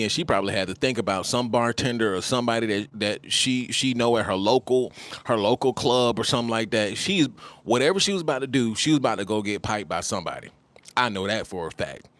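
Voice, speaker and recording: A man telling a personal story in a casual monologue, animated and repetitive, often calling the listener "bro". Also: medium pitch, a little fast, dry recording. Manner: animated, repeats phrases, addresses listeners as bro.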